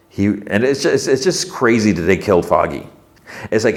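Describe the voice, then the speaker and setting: A man with a very low voice hosts a podcast and walks through a TV episode in a loose, casual way. He quotes the characters' lines as he retells each scene, with many "like" and "you know" fillers. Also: expressive, normal speed, creaky. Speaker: podcast host.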